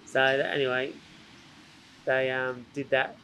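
A man's voice: mid-range voice, a little slow, a little hiss or hum. An Australian man chats as a podcast guest, spinning a long yarn in a loose, rambling way full of slang. He keeps stopping and restarting his sentences and slips into other people's voices to act out what they said. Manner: animated, acts out other people's lines. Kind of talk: casual storytelling chat.

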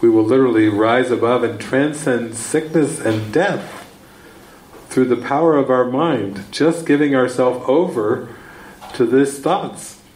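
A man whose voice sits in the mid range tells a rambling story as a spiritual teacher in a retreat session room, keeping a measured pace. He repeats words often and shouts out excited quotes, captured on a rough, reverberant recording.

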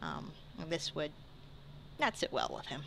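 A woman voicing an earnest young mage companion who speaks softly and haltingly. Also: low voice, huge pitch swings, gravelly, a little hiss or hum, voice pushed down, exaggerated voice.

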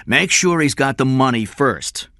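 A man's voice: mid-range voice, expressive, measured pace, bright, forceful tone, no room sound, clean studio sound, voice pushed up. A man reading aloud and voicing a hard-nosed male kidnapper who gives orders in a bossy, sarcastic way. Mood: commanding.

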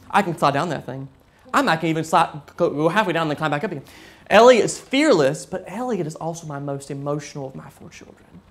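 A man in his thirties preaching a sermon as pastor, earnest, often dropping to a soft near-whisper. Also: on the high side.

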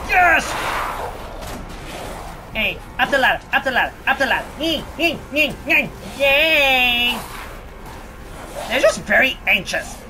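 A let's play host giving casual gameplay commentary, reacting loudly, swearing and talking back to enemies. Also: high-pitched, sing-song, slow pace, pauses often, noisy background.

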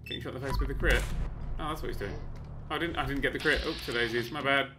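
A man casually commentating on his own gameplay, chatty and excitable, with sudden yelps and mock-boastful asides. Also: mid-range voice, quick pace, music in the background. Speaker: let's play host.

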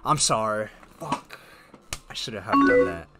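A man casually commenting on a story game as he plays, reading chat lines aloud and reacting with quick offhand remarks and the odd swear. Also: fairly low pitch, expressive. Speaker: gamer playing through a story game. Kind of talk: casual let's-play commentary. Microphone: desk mic with face cam. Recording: loud game music behind the voice. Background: loud game music and keyboard typing.

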